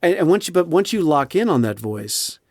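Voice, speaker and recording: A man's voice: on the high side, very animated, fairly quick, no echo, studio quality. A man who narrates audiobooks, chatting expressively in an interview with frequent restarts. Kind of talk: casual interview chat.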